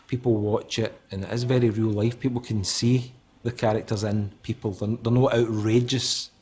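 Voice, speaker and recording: A man's voice: on the low side, steady tone, moderate pace, mellow, a little hiss or hum. A man reflecting in an interview, thoughtful and repeating phrases as he searches for words.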